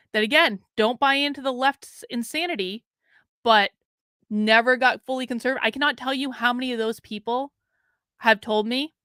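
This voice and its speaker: A woman in her thirties hosts a live political commentary stream, speaking bluntly and straight to her chat. Her voice sits a little high and sounds bright and crisp. The sound is dry and close to the mic. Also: no room sound. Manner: frank and blunt, talks straight to chat, swears. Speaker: livestream host. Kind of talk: casual political commentary livestream.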